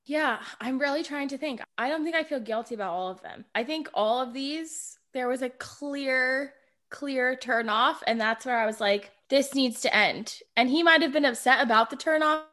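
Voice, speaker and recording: A young woman in casual chat, expressive and playful, with quick asides. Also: sits high.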